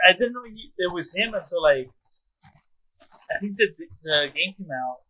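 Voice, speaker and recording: A man's voice: high-pitched, animated, moderate pace, bright, forceful tone, highs cut off. A man co-hosting a podcast, chatting loosely, cursing and calling his friend dude. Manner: swears a lot, says "dude". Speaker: podcast co-host. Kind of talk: casual chat.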